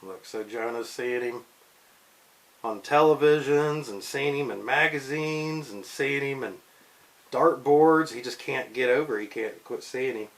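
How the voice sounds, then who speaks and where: A man's voice: mid-range voice, a little slow, rough recording. A man casually reading a comic book aloud to his daughters, playful and chatty. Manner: playful, slips into goofy character voices. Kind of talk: casual read-aloud with commentary.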